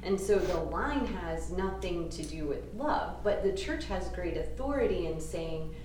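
A woman's voice: lowish voice, lively intonation, measured pace, darkish tone, very echoey, far from the mic, slight background noise. A woman in the audience asking a long, chatty question, filled with "like" and quoted asides. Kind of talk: casual spoken question.

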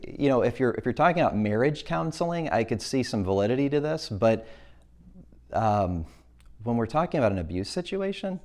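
A man's voice: medium pitch, darkish tone. A man giving a church presentation to an audience, speaking earnestly and plainly, often correcting himself mid-sentence. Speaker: speaker at a church talk on abuse.

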